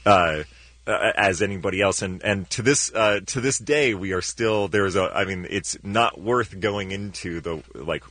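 Low, bright-voiced man rambling casually. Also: moderate pace, no room sound. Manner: rambling, full of restarts and fillers. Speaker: guest actor. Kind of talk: casual chat.

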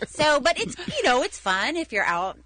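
A woman with a bright, fairly high voice chats as a guest in a radio studio. She giggles easily and talks in a playful, lively way, her pitch leaping around. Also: normal speed. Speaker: guest actress. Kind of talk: casual radio chat.

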